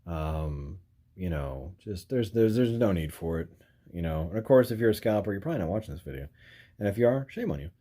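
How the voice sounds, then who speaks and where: Toy-collector host: a deep-voiced man, easygoing and rambling, chuckling as he shows his figures. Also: expressive, brisk, warm tone. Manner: rambling, filler-heavy, frequent "you know"; chuckles while handling figures. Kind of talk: casual toy review vlog.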